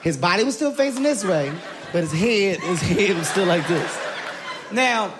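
A man telling an animated comedy story on stage, laughing through it. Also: sits high, normal speed. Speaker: stand-up comedian. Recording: live crowd and background noise. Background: audience laughter.

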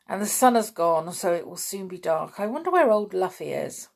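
A woman reading the part of a sensible older schoolboy who leads the group, calm and decisive. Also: medium pitch, normal speed, creaky. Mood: firm. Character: steady older schoolboy Julian, sensible leader.

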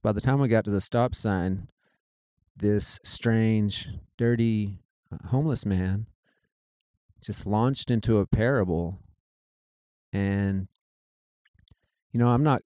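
A man telling a personal story in a casual, animated way, acting out what people said. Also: fairly low pitch, no echo. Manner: animated, quotes people in their own voices.

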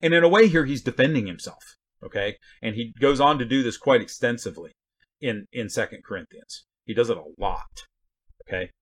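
A man's voice: mid-range voice, animated, fairly quick. A man giving a conversational Bible teaching, blunt and folksy, full of rhetorical questions and asides.

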